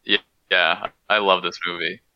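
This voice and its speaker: A young man co-hosting a casual movie podcast, making deadpan jokes. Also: low voice, normal speed. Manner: deadpan jokes, laughs at himself. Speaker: podcast co-host. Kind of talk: casual chat. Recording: dull, lo-fi sound.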